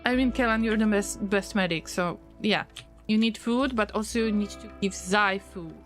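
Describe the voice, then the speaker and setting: A woman streamer giving gameplay commentary, fretting out loud and talking straight to her colonists as if they could hear her. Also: medium pitch, moderate pace, soft background music. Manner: frets aloud and talks to her colonists. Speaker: game streamer.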